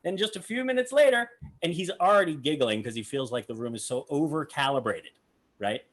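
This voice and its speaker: A man co-hosts a casual reaction chat about a magic clip, speaking in a fairly high voice. He is animated and acts out quotes, pausing now and then to hunt for the right word.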